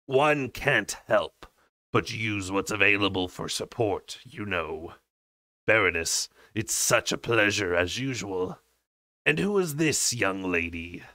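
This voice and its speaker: A man voicing a fat, patronizing male creature moneylender with a deep, wide, oily drawl. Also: animated, bright, forceful tone, no room sound, full character voice. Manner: patronizing, slow and drawn out.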